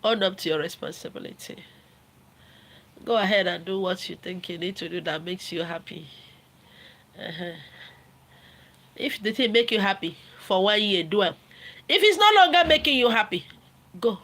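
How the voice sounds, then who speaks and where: A middle-aged woman with a Nigerian accent, talking casually on a livestream, animated and laughing often, switching between Pidgin and Igbo and acting out quotes. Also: medium pitch, normal speed, long pauses. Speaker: livestream host.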